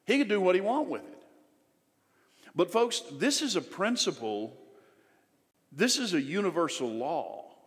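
A male pastor delivering an animated sermon, acting out people's doubting inner voices. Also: high-pitched, measured pace, long pauses. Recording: long hall reverb.

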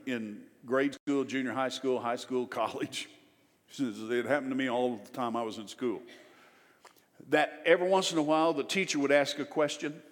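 A male pastor delivering an animated sermon, acting out people's doubting inner voices. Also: a little high. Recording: long hall reverb.

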